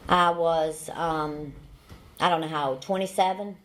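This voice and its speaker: A woman's voice: sits low, fairly even intonation, unhurried. A woman in her forties with a Southern American accent, sharing her recovery story at a meeting in a folksy, humorous way. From Southern United States. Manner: folksy storytelling with repeated phrases and dry humor. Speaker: AA speaker. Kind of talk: recovery testimony talk.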